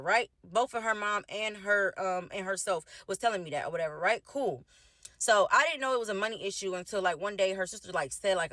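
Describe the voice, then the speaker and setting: A woman's voice: mid-range voice, bright, forceful tone, no echo, studio quality. A young woman telling a personal story in a casual storytime rant, blunt and heavy on profanity. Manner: blunt and profane, rapid run-on retelling. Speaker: storytime vlogger.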